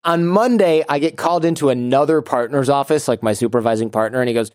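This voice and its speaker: A man's voice: medium pitch, fast, hardly any pauses, a little mellow, no echo. Guy on an advice podcast, dry close sound, blunt and joking. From United States. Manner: wry, blunt storyteller. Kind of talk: casual advice chat with anecdotes.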